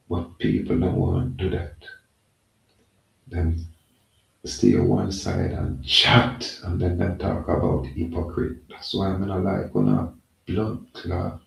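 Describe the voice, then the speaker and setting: A man's voice: deep voice, vocal fry, darkish tone, lo-fi sound. A man talking in a rambling, emphatic casual monologue, repeating himself. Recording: echoey, from far off the mic.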